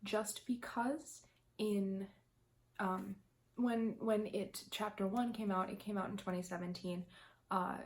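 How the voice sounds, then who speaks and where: A woman's voice: mid-range voice, steady tone, takes it slowly. A young woman vlogging her fan predictions in casual chat, talking in a loose, emotional way with lots of ums and restarts. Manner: chatty, emotional, many ums, tearful laughs.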